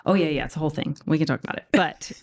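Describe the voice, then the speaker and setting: Animated storytelling woman, slightly low voice. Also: very fast, gravelly. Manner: animated, laughing, acts out quotes in whispers. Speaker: veterinarian guest. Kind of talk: casual storytelling chat.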